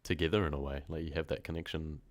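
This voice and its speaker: A man with a very low voice chats casually into a close microphone, his nose stuffed up from a cold. He rambles, teases himself and laughs often. The sound is dry, with no room around it. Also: steady tone, fast, no room sound. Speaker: horror story narrator streaming live. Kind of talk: casual live-stream chat, reading comments.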